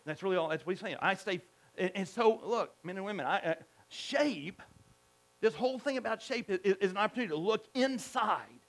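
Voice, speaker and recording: High-voiced man preaching a sermon. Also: a little fast. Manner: emphatic, animated preaching with repetitions and restarts. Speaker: pastor.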